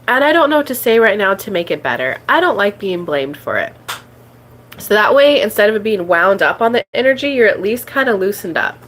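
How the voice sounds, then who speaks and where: A woman's voice: mid-range voice, big pitch swings, brisk, fairly bright tone. A woman hosting a spiritual coaching live stream, chatting casually and filling her talk with "like" and "um". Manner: chatty, peppered with "like" and "um", reads viewer comments aloud.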